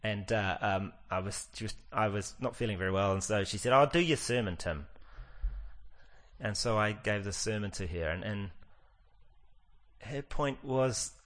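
A middle-aged male pastor preaching, his voice sitting fairly low. He talks earnestly and drags out the words he wants to land. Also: a bit bright. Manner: earnest, slows down to stress key lines. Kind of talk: sermon.

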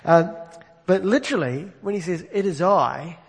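A man's voice: high-pitched, animated, normal speed. A man preaching a sermon in a conversational way, asking the congregation direct questions over an amplified microphone in a church. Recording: long reverb of a large hall.

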